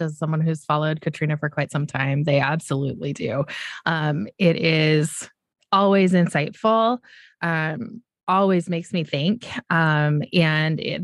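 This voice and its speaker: A woman's voice: sits low, no room sound, studio quality. A woman hosting an interview podcast, effusive and chatty, with frequent fillers. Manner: warm and effusive, with many fillers. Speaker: podcast host. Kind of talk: casual interview conversation.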